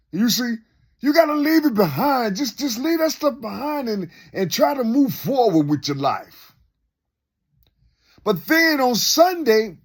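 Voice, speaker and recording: Man, high voice with a wide swinging pitch, loose off-the-cuff monologue full of rhetorical questions. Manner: rhetorical questions, repeats himself; unscripted, loose and conversational. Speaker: speaker sharing reflections. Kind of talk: rambling spoken monologue.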